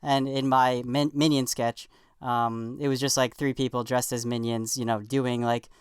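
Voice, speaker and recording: A man's voice: mid-range voice, little pitch movement, moderate pace, smooth, no echo, clean studio sound. A man guesting on a comedy podcast, telling an anecdote hesitantly with many fillers. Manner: hesitant, lots of ums and likes.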